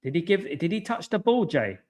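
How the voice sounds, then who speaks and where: A man hosting a live football watchalong, chatting to viewers by name and reacting excitably to each moment of play. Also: sits high, a little fast. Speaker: watchalong host.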